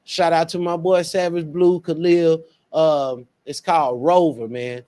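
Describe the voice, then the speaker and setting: A man's voice: on the high side, fairly even intonation, measured pace, warm tone. A young man, hosting a casual radio show in an earnest way, often repeating words as he talks.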